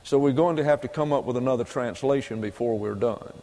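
A man preaches a doctrinal sermon, explaining Greek grammar point by point and repeating key phrases for emphasis. His mellow, medium-pitched voice moves fairly quickly, and the recording carries a long hall reverb.

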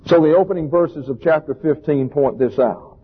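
Male pastor, emphatic scornful sermon, husky voice, phone-quality recording. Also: fairly high pitch, moderate pace. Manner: emphatic, scornful preaching with rhetorical questions.

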